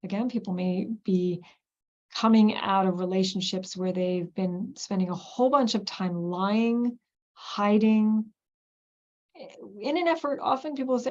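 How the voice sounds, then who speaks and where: A woman's voice: medium pitch, measured pace, darkish tone, muffled recording. A woman clinician giving an online teaching presentation, talking in a conversational, explanatory way with frequent fillers and restarts.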